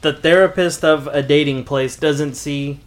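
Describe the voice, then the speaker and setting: A man's voice: fairly high pitch, steady tone. Wisecracking man with crude quips. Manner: wisecracking, crude jokes and quick interjections. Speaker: podcast co-host. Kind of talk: casual chat.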